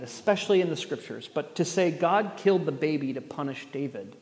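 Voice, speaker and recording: A man preaches with a slightly high voice that rings through a roomy hall. His sermon builds through pointed rhetorical questions and a touch of dry sarcasm. The long reverb trails behind every line. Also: expressive, a little fast, hardly any pauses, a little mellow. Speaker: pastor. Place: church gathering space.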